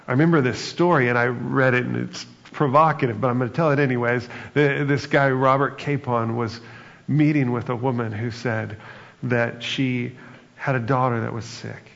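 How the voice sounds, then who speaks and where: A man's voice: mid-range voice, steady tone, moderate pace, creaky, fairly bright tone. A man preaching a sermon in a conversational, reflective way, often adding "right?" and "like" as he talks. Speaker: pastor. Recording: dull, lo-fi sound with long reverb.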